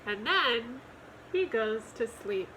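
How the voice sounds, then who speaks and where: A woman reading a children's picture book aloud for storytime. Her delivery is gentle and expressive, very slow, with a bright, clear voice that rises and falls a lot. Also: fairly high pitch, slight background noise, low-quality recording. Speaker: storytime reader.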